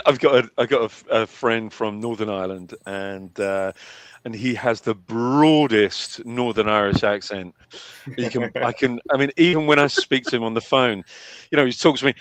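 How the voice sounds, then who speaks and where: A man's voice: medium pitch, normal speed, a bit bright, no echo. A man chatting casually on a stream, telling stories and laughing. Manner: laughing, storytelling.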